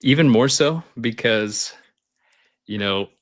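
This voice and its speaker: A man's voice: mid-range voice, slow, dry recording, clean studio sound. A man guest on a podcast, telling stories casually and animatedly, laughing often. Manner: animated, laughs often, acts out voices in anecdotes. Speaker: guest, skydiving instructor. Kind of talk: casual storytelling.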